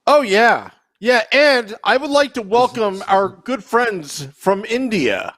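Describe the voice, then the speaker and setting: A man's voice: high voice, animated, slow pace, a bit bright, no room sound, clean studio sound. A man co-hosting a fan podcast, chatting loosely and rambling through announcements. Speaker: podcast co-host. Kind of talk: casual podcast chat.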